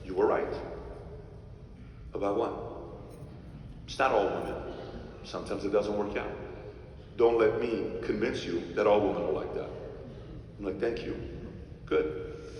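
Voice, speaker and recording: A man's voice: lowish voice, gravelly, slight background noise. Emphatic man in an echoey hall, distant. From Iran. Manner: emphatic, swings between loud outbursts and quiet asides. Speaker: speaker telling a personal story. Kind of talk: animated storytelling to a live audience.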